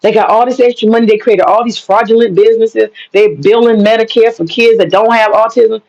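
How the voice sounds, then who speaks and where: A blunt, angry American woman, a vlogger, rants straight at the camera and swears constantly. Her voice has a gravelly, fry-heavy edge, and the dull, lo-fi recording makes the sound muffled. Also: medium pitch, a little mellow. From United States. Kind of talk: profane ranting monologue.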